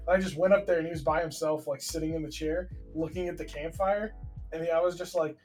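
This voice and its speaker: A man's voice: a little high, fairly even intonation, quick pace, darkish tone, soft background music. A man hosting a podcast, telling a story in casual, rambling chat, full of "like" and laughter. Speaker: podcast host.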